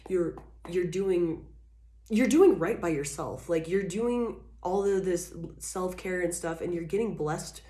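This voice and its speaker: Low-voiced woman giving a tarot reading. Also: measured pace, mellow, reverberant. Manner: rambling, filler-heavy, blunt and frank. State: coughing repeatedly. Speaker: tarot reader. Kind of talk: casual channeled tarot reading.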